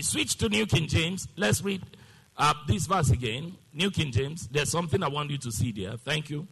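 A man's voice: fairly high pitch, animated, moderate pace, vocal fry, fairly bright tone, slightly rough, big-room sound. A man preaching a sermon, emphatic and call-and-response, sometimes half-singing his exclamations.

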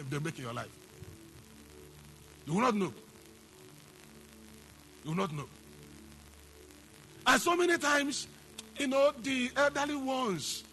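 A man's voice: high voice, fairly bright tone. A man preaching a sermon, emphatic, repeating phrases and asking the congregation questions. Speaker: pastor.

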